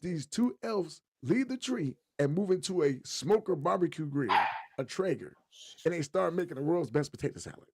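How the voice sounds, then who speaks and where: A man's voice: a little high, moderate pace, creaky, slightly rough. A man co-hosting a podcast, chatting casually and telling jokey stories with lots of energy. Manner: animated, joking storyteller. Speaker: podcast co-host. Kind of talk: casual chat.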